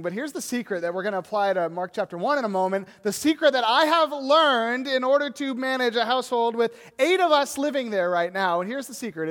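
A man in his thirties preaching a sermon, telling animated stories and acting out scenes. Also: sits high. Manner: animated storytelling, acts out scenes. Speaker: pastor. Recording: long reverb of a large hall.

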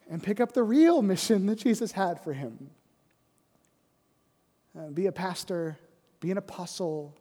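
A man preaching a sermon as pastor, conversational and often asking "right?", dropping to a soft, low voice for emphasis. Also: big-room sound.

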